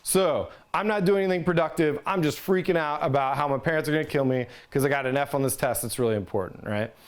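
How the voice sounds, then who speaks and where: A man's voice: on the high side, fast. Man teaching, casual with frequent "right?". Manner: conversational, ends points with "right?". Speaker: resiliency trainer. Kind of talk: instructional talk.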